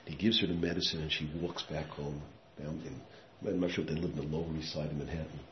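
A man giving a sermon with storytelling, dropping to hushed tones and rising to loud emphatic bursts, with Yiddish and Hebrew words mixed in. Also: rumbling low, steady tone, quick pace. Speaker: rabbi giving a talk. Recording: echoey room, muffled sound, faint background noise.

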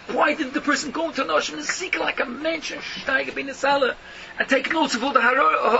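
Guy with a high voice preaching a torah talk, keeps hammering rhetorical questions, dull recording w noise behind. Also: creaky. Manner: emphatic, rhetorical questioning, mixes Yiddish and Hebrew terms. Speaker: rabbi giving a Torah talk. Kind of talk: Yiddish-inflected yeshiva lecture. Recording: muffled lo-fi recording with noticeable background noise.

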